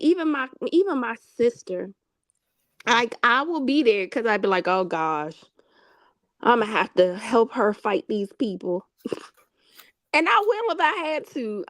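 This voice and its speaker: A woman hosting a casual chat, telling a story with lively acted-out quotes and frequent laughter. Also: sits high, no room sound. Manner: animated storyteller, acts out quotes, laughs often. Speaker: host.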